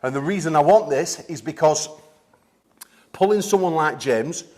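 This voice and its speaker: Brief: man, coach type, slightly winded, slightly higher voice, keeps asking "okay?" during a gym seminar demo. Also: moderate pace. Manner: energetic, coaching with frequent "okay?" check-ins. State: out of breath. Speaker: arm wrestling coach. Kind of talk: instructional seminar demonstration.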